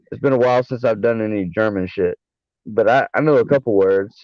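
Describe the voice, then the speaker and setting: A man's voice: lowish voice, dry recording. A man chatting as a guest on a livestream panel, rambling and profane, full of fillers and restarts. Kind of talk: casual livestream chat. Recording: dull, dry online audio.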